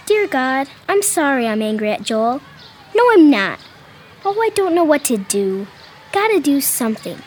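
A woman's voice: high-pitched, sing-song, normal speed. A woman voicing a young girl who is hurt and sulky with her brother, in a pouty, whiny child's voice, in a family audio drama. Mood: angry.

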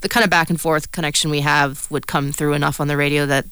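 Female radio co-host, low smooth voice, dry close sound, chatty and loose. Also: steady tone, quick pace, fairly bright tone, no echo. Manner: chatty, laughs easily, trails off mid-sentence. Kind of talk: casual chat.

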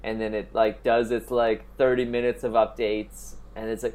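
A man's voice: fairly low pitch, normal speed, few pauses. A young man from Canada telling a long story in casual chat, cursing a lot and acting out the people in it. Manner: profane, animated storytelling, mimics other voices.

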